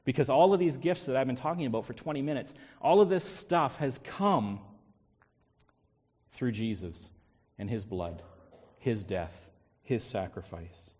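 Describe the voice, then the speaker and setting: A man's voice: mid-range voice, measured pace, long pauses, darkish tone, husky. A male pastor preaching a sermon with emphatic repetition and rhetorical questions. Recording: long hall reverb.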